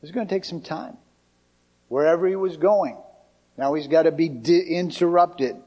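A male pastor delivers a sermon in a conversational yet emphatic style. His voice sits a little higher than most men's, and he drives home his points with plain, direct phrasing. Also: normal speed, warm tone, husky, highs cut off.

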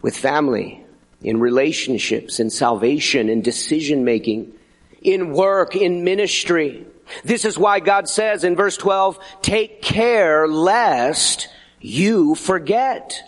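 A middle-aged man preaching a sermon as pastor, animated and conversational, slipping into acted asides. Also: fairly high pitch, measured pace.

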